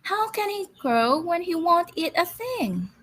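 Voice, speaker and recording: A woman's voice: extremely high pitch, very animated, unhurried, fairly bright tone, pitched above the performer's own voice, full character voice. A woman reading aloud as a worried queen, speaking in a fretful, pleading way. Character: worried gentle storybook queen.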